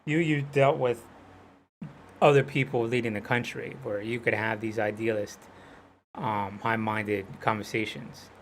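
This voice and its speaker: A man's voice: on the low side, fairly even intonation, a little slow, a little hiss or hum. A man from Hawaii chatting loosely while streaming a game, rambling and full of fillers. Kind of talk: casual chat while gaming.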